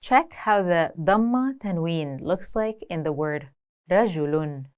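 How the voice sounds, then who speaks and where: A woman giving a scripted language lesson, speaking clearly and deliberately, slowing down to say example words. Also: lowish voice, lively intonation, a little mellow. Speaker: language teacher.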